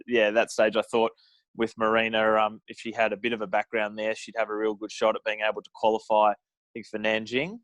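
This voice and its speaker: A man in his thirties from Australia, an Olympic athlete telling his story in a casual interview, with many pauses and restarts. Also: on the low side, a bit bright, no echo, poor audio. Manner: halting, many ums and restarts. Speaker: interviewee, Olympic modern pentathlete.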